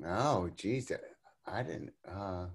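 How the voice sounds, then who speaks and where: A man's voice: low voice, very slow, slightly rough. Older guy chatting on a video call, lots of uhs and restarts, laughs a lot. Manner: rambling, many fillers and restarts, laughs often. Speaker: interview guest, musician. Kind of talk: casual interview chat.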